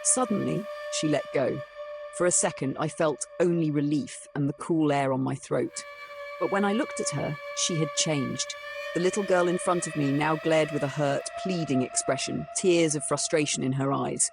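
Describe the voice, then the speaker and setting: A woman's voice: sits low, moderate pace, creaky. A woman telling a ghost story in first person as scripted narration, over background music.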